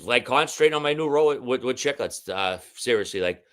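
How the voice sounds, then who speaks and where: A man guesting on a podcast, talking in a halting casual way with many restarts and fillers. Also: mid-range voice, expressive, fairly bright tone, smooth. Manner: halting, repeats words, lots of fillers. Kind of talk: casual chat.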